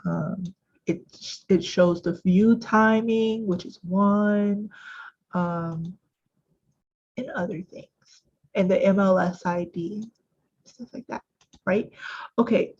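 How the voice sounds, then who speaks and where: A woman walking viewers through software on a screen share, chatty and self-correcting with lots of fillers, as the regular host of a weekly tech session. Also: medium pitch, slow, pauses often, husky, dull audio. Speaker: software trainer.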